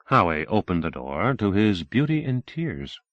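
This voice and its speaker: A man's voice: lowish voice, very animated, a little slow, fairly bright tone, no room sound, lo-fi sound. A man narrating a novel, reading expressively from an old cassette recording. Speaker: audiobook narrator. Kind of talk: scripted narration.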